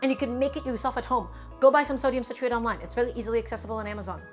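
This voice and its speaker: A woman's voice: on the high side, fairly even intonation, rapid-fire, music in the background. A woman chatting casually through a live cooking stream, emphatic and talking to her viewers as friends.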